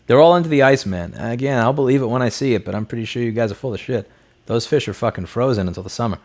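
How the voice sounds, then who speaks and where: A man's voice: medium pitch, fast talker, darkish tone. A man hosting a casual livestream, reading viewer messages and answering them bluntly, often swearing. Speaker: livestream host answering chat.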